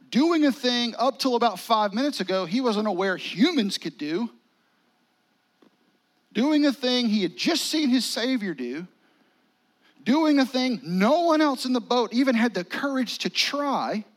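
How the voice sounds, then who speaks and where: A male pastor, preaching a sermon in a conversational style with dramatic pauses and near-whispers. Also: very high voice.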